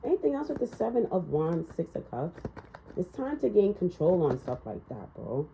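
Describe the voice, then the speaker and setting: A woman's voice: normal speed, creaky, slight background noise. Blunt, profane woman tarot reader. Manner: blunt and profane, ranting with laughs; animated, swinging up and down in pitch. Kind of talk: casual tarot reading monologue. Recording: slightly dull, lo-fi sound.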